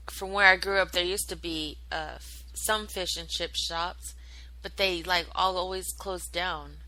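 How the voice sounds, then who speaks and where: An American woman with a lowish, bright and forceful voice hosts her own internet radio show on a rough recording. Alone on the mic, she chats casually with listeners, rambling with plenty of fillers and swearing.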